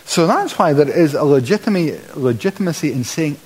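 A man's voice: on the high side, brisk, breathy edge, long reverb tail, low-quality recording. A man preaching a sermon, acting out the quotes he reads with sudden exclamations. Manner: animated, dramatizes quotes with exclamation. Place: church.

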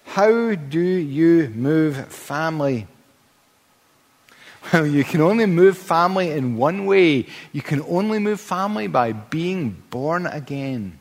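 A man's voice: on the high side, expressive, slow. A man preaching a sermon in a church, emphatic, building to fervent peaks with stammered restarts. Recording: long hall reverb.

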